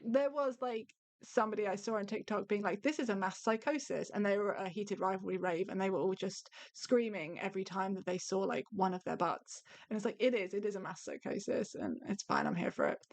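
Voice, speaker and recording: A woman's voice: medium pitch, expressive, fairly quick, hardly any pauses. Eager woman podcast co-host recapping. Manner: eager, detail-heavy recapping with many fillers. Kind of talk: casual chat.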